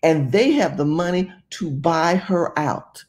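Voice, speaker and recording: A woman's voice: deep voice, slow. A woman from California giving emphatic, rambling political commentary. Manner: emphatic, rambling, animated delivery.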